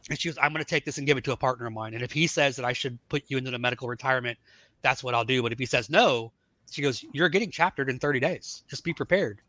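A middle-aged man telling his life story in a casual podcast chat, acting out the dialogue of the people in it with animated voices. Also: medium pitch, quick pace, no echo. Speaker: podcast guest.

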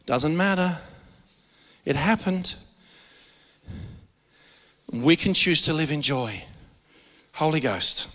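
Fervent high-voiced pastor preaching. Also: male voice, expressive, sharp tone, in a large hall. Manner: fervent, rising to a rapid chant in prayer. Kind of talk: sermon. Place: church sanctuary.

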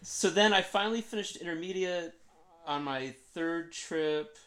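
A man's voice: a little high, unhurried, a bit bright. A man guest telling a funny, self-mocking story in a conversation, acting out what people said.

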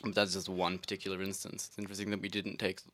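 An Australian man co-hosting a casual word-origin chat in a studio, musing aloud and jumping up high when surprised. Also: completely flat delivery, quick pace, fairly bright tone. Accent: Australian English. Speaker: podcast co-host. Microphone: studio mic.

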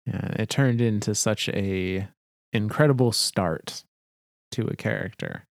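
A man co-hosting a podcast, reading game lore aloud and discussing it in a measured way with many fillers. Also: lowish voice, gravelly, dry recording, clean studio sound. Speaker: podcast co-host.

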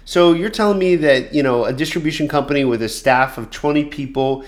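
A man hosting a solo podcast for filmmakers, talking in a conversational and fairly monotone way, with many fillers and restarts. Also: on the high side, fairly quick. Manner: calls his own voice monotone. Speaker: podcast host.

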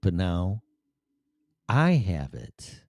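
A man's voice: sits low, very animated, drawn-out words, darkish tone, dry recording, studio quality. A man hosting a show, telling a personal story bluntly, full of profanity.

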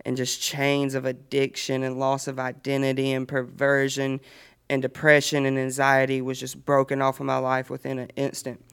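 A man's voice: mid-range voice, monotone, moderate pace, gravelly, fairly bright tone, clear, resonant tone. A young man telling his personal faith testimony earnestly in a casual chat, often laughing as he speaks. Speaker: guest sharing testimony.

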